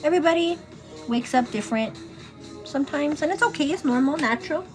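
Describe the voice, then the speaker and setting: Casual high-voiced woman chatting to viewers on a livestream, playful and laughing, soft music underneath. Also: expressive, fairly quick. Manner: chatty, calls viewers "girl" constantly; laughs often, teasing then turning earnest. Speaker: livestream host. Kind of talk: casual chat on a morning get-ready livestream.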